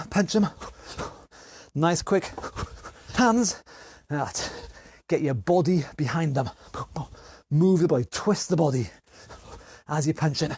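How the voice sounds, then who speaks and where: A man coaching an online workout class, energetic and encouraging as he calls out moves, slightly out of breath. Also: fairly high pitch. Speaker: fitness instructor.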